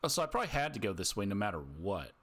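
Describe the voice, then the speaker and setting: A man's voice: lowish voice, very animated, rapid-fire, a bit bright. A man giving casual gameplay commentary, chatty and thinking aloud, his throat dry from having just woken up. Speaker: gamer streamer.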